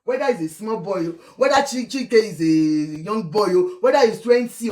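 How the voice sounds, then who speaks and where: A Nigerian woman delivers lively, scolding gossip commentary in a mid-range voice. She slides between English, Yoruba and Pidgin. The sound carries the hollow echo of a bare room. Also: medium pitch, normal speed, hardly any pauses. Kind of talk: casual commentary vlog.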